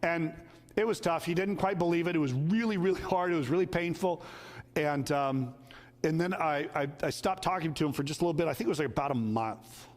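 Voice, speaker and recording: A man's voice: fairly high pitch, fairly quick, long reverb tail. A male pastor preaching a sermon, telling stories in a conversational way and acting out the quotes. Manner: conversational storytelling with acted quotes.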